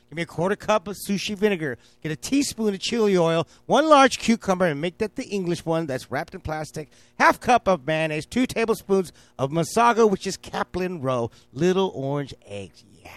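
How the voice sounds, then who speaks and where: A man hosting a home cooking show, excitable and rambling, joking at his own mistakes as he lists ingredients. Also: high voice, clean tone, dry recording. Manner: excitable, scattered, self-mocking.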